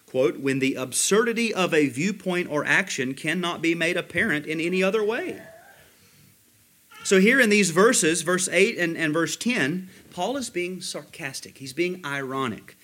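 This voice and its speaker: A man preaching a sermon as pastor, slowing down to stress key words and quoting commentators. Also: a little high, a bit bright. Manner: emphatic, slows down to stress words, quotes commentators.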